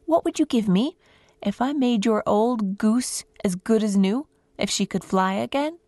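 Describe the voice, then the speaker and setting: A woman's voice: a little high, measured pace, dark tone, dry recording, clean studio sound. A woman doing a sly, self-assured young saint. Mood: confident, sly. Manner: bold, teasing, self-assured. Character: cheeky young man who is secretly a saint.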